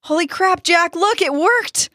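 Excited, jumpy young boy as a woman narrator puts him on, high and loud, storybook. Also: moderate pace, breathy edge, no echo, studio quality, exaggerated voice.

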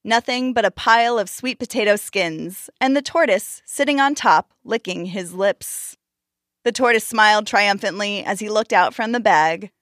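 A woman host narrating a storybook tale with expressive, measured delivery. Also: medium pitch, dry recording, clean studio sound.

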